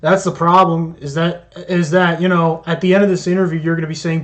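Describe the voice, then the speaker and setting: A man's voice: fairly high pitch, level tone, brisk, fairly bright tone. A man giving sarcastic, profanity-laden commentary while reacting to clips. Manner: mocking, sarcastic, heavy swearing.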